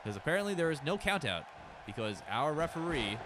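Man, strained voice, calling wrestling play-by-play with lots of swings in pitch; noisy home recording. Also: quick pace, over a noisy crowd. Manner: excitable, swearing, joking asides. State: strained, losing his voice. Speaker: wrestling commentator. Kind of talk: play-by-play commentary.

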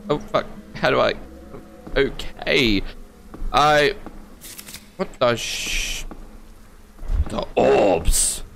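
With a gravelly, fairly bright medium-pitched voice, this Australian gaming host draws out his words and pauses often while playing a horror game. Jumpy and quick to swear, he keeps joking to himself; slight background noise is audible.

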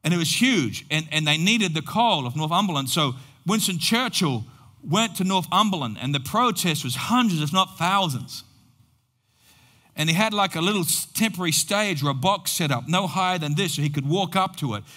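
A high, bright-toned man preaches slowly, building a story with dramatic pauses. His voice rings through a church hall with a long reverb. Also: expressive. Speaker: pastor. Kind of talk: sermon storytelling.

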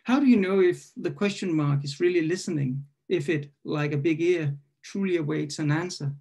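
A man reading his own poem at an online poetry event. He hesitates and corrects himself while introducing it, then reads in a measured, questioning way. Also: fairly high pitch, creaky, warm tone. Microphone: video call.

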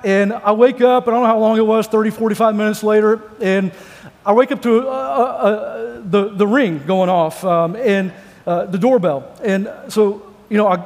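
A male pastor with a notably high voice preaches in a large church. He moves between scripture and loose, joking stories, and his voice rings out with a long hall reverb. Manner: joking, conversational storytelling. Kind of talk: sermon.

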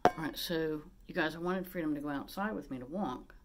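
A woman at home vlogging about her parrot, switching between plain talk to the camera and high, sing-song baby talk to the bird. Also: brisk, very noisy. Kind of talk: casual vlog talking to camera and her pet.

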